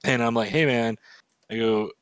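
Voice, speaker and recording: A man's voice: medium pitch, normal speed, clear, resonant tone, dry recording. Rambling man telling a story on a livestream. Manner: rambling storyteller, animated when retelling. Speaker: livestream art show host. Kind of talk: casual banter while drawing.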